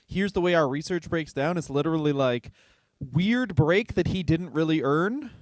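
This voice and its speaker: Wry, higher-voiced man co-hosting a podcast. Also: normal speed, dry recording, studio quality. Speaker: podcast co-host. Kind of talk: crude comedic banter. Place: home garage.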